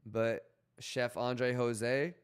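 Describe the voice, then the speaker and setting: A young man live-streaming in a loose, rambling way, chatting casually and shouting out viewers by name. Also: medium pitch, steady tone, drawn-out words, clean tone. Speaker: livestreamer.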